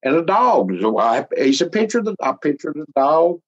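His voice is a little high, expressive and fairly bright, at a normal speed: a middle-aged man being interviewed, telling a folksy, casual story. He chuckles often and sometimes nearly cries, and the recording is slightly muffled.

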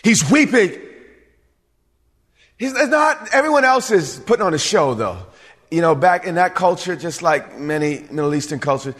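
Animated man preaching in a reverberant hall. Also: on the high side. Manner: animated preaching, repetitive fillers. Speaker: pastor. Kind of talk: sermon.

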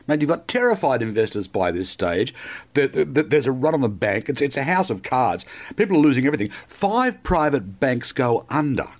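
A middle-aged Australian man co-hosting a casual history podcast, telling stories in a jokey, animated way. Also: medium pitch, moderate pace. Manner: animated storyteller, jokey, says mate often. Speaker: podcast co-host.

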